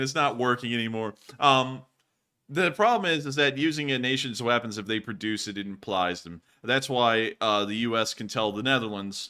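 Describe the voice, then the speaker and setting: A man's voice: mid-range voice, normal speed, sharp tone, clean tone. A man hosting a casual livestream Q&A, chatty, laughing easily and repeating stock thank-you phrases. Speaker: livestream host.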